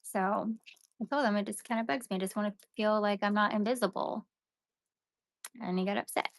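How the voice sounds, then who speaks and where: A woman's voice: mid-range voice, fairly even intonation, brisk, vocal fry. A young woman chatting casually and venting to her live-stream viewers, with "like" and "you know" running through her talk. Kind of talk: casual rambling chat to viewers.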